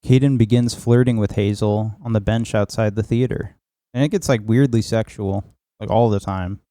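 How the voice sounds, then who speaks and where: A man's voice: on the low side, fairly even intonation, normal speed, mellow, no echo, clean studio sound. A man co-hosting a casual film podcast, recapping scenes in a rambling way with casual swearing. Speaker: podcast co-host. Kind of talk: casual film review chat.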